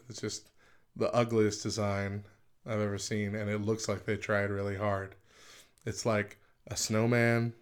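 A man's voice: lowish voice, smooth. A man co-hosting a casual podcast chat, laughing often and reading passages aloud. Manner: chatty, laughs often, reads quotes aloud. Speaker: podcast co-host.

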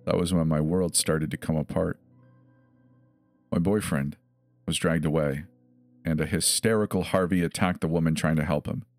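A man telling a horror story in a measured, grave first-person narration. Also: a bass voice, fairly even intonation, darkish tone, no echo. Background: faint music.

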